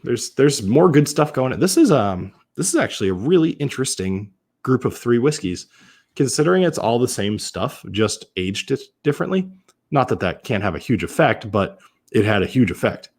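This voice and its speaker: Hosting a relaxed whiskey-tasting live stream, this man from Massachusetts speaks at normal speed in a medium-pitched, darkish, sing-song voice. His loose chat with viewers is full of restarts and self-corrections.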